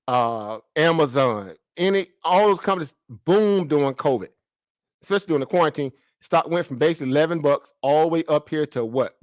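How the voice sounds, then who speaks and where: A man's voice: a little high, no echo, studio quality. A man giving casual stock market commentary, asking himself rhetorical questions and talking in slang. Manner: rhetorical questions, slangy and animated, mimics traders.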